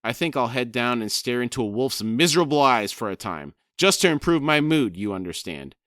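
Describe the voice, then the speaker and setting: A man's voice: medium pitch, big pitch swings, fairly quick, a bit bright, no echo, studio quality, voice pushed up. A man voicing a vain, flippant female sorceress with an airy, theatrical manner.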